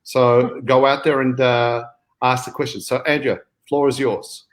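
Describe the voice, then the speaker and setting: A man hosting a live online show through a video call. His voice has a middle pitch, and he keeps an upbeat tone while he talks straight to the audience. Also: flat delivery, a little slow. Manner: upbeat, addresses viewers directly. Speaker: host.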